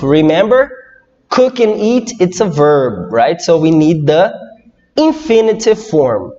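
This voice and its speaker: Slow, lively Brazilian English teacher. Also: male voice, high-pitched. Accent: Brazilian Portuguese. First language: Portuguese. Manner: slow, lively, reads viewer comments and asks questions. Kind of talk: live online English lesson. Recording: dull lo-fi audio with long reverb.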